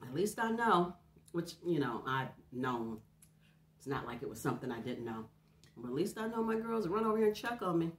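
A woman's voice: low voice, sing-song, moderate pace. A middle-aged woman, chatting casually while eating and humming between bites, a little stuffed up from a runny nose. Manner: chatty, confiding, talks between bites with hums. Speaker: mukbang host. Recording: roomy echo.

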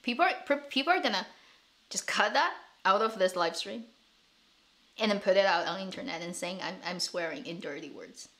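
A woman's voice: mid-range voice, lively intonation, brisk, fairly bright tone. A woman chats casually on a live stream in a mid-range voice. She laughs often and repeats words while she gathers her thoughts. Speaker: streamer and show host.

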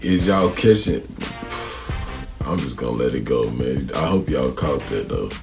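A man hosting a reaction video, talking casually to his viewers in drawn-out, preachy asides. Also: a bass voice, animated, vocal fry, over loud music.

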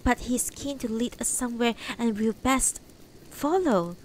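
A woman voicing a gentle elderly wife in a raised, soft-spoken tone for a storybook reading. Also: on the high side, moderate pace, a little hiss or hum, pitched above the performer's own voice, close to an everyday voice, low-quality recording. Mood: calm.

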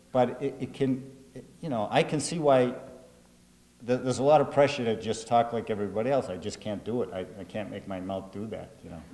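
A man's voice: fairly low pitch, dark tone, big-room sound. Earnest man with a Boston accent. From Greater Boston. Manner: earnest, restarts his sentences often. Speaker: author. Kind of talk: reflective interview and address to students.

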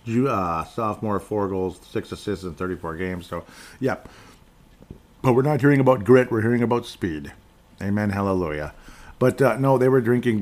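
A man's voice: lowish voice, darkish tone. A middle-aged man hosting a casual solo sports podcast, rambling and digressive with chuckling asides. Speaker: podcast host.

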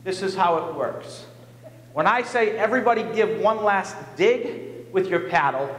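A male pastor telling a personal story in an animated, self-mocking way during a sermon in a church. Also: high voice. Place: church sanctuary. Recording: echoey church hall.

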